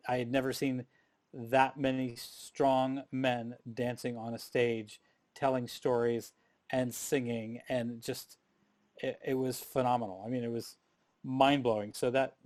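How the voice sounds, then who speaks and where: A man's voice: mid-range voice, a little slow. A middle-aged man speaks on a live panel and recounts his career in an easygoing, chatty way. He often restarts his sentences, and his voice sits in a plain middle register. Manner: animated storyteller, frequent restarts. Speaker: panel guest, performer. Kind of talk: casual storytelling on a panel.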